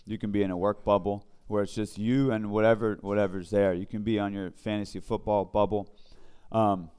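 A man leads a small Bible study in a relaxed, conversational way, pausing and restarting often. His voice sits low and sounds mellow and smooth. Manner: conversational, halting with fillers and restarts. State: briefly emotional. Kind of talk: informal devotional teaching.

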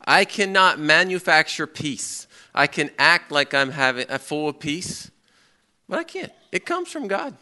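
A man's voice: on the high side, a little slow. A middle-aged man preaching a sermon, acting out people's outbursts and prayers as he speaks. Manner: animated, acts out quoted people and prayers.

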